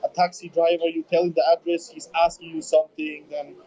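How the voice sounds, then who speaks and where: Young German man, halting English, lo-fi. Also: a little high, little pitch movement, dark tone. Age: 20s. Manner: halting, repeats words while searching for English. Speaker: bodybuilder guest. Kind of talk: casual interview chat. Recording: dull lo-fi remote audio.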